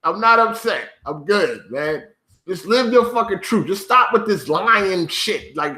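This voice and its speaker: High-voiced man ranting in an echoey room. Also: animated, measured pace, bright, forceful tone. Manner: profane, mocking, keeps breaking into laughter. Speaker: gaming YouTuber. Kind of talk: ranting commentary to viewers.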